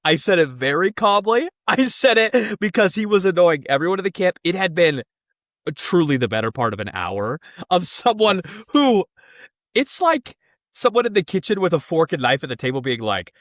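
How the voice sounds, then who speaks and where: A young man swapping stories on a podcast, his voice sitting a little high and swinging widely as he laughs and acts out the people he quotes. The sound is dry and close, with no room around it. His talk is casual and quick to laugh. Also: no echo. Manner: animated, laughs often, jumps up in pitch for quoted voices. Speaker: podcast co-host. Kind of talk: casual storytelling chat.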